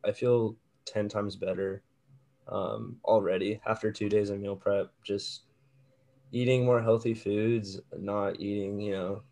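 A man's voice: lowish voice, flat delivery, unhurried, mellow. A young man co-hosting a podcast, chatting in an easygoing way with frequent hesitations. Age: young adult. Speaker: podcast co-host. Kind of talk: casual chat.

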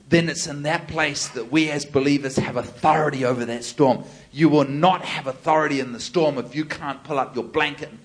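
A man preaching to a live audience, telling stories in an animated way and acting out the voices. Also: a little high. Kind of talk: sermon with storytelling.

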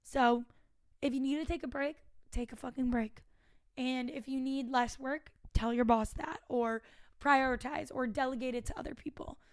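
A young woman in her twenties talks through advice in a high voice, frank and chatty, dropping the odd swear word. The recording is dry and close, with no room sound. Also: steady tone, normal speed, no echo. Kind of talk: casual advice monologue.

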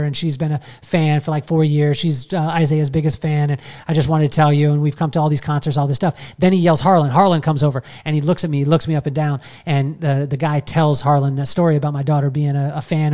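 A man's voice: a little high, dark tone. A middle-aged man telling a long personal story in a casual, rambling way, full of fillers and restarts. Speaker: podcast host telling a story.

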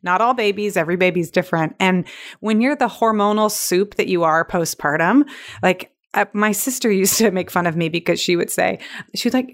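A woman hosts a podcast in a casual, conversational way. She talks to listeners in a reassuring tone, at a middle pitch. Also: a little fast. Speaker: podcast host.

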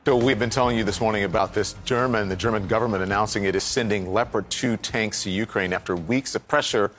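A man's voice: on the low side, fast, a bit bright, slight background noise. A man anchoring a morning news show, reading headlines and asking probing questions conversationally. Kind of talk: live TV news interview.

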